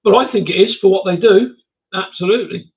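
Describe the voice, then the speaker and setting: A man's voice: sits high, brisk. An older man hosting a casual livestream chat, reading out viewer comments with chuckles and self-mocking asides. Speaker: livestream host. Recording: tinny phone-like sound.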